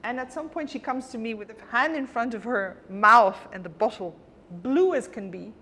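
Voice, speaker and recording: A woman's voice: fairly high pitch, lively intonation, normal speed, bright, forceful tone. A woman guest telling a personal story vividly and emotionally in a conversation, acting out the dialogue. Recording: long reverb with faint background noise.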